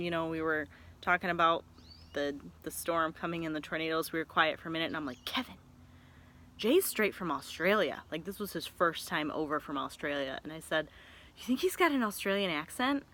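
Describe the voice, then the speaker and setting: A woman in her thirties from Michigan, telling a story in a casual vlog with chatty, excitable rambling and frequent self-corrections. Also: lowish voice. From Michigan, USA. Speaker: vlogger.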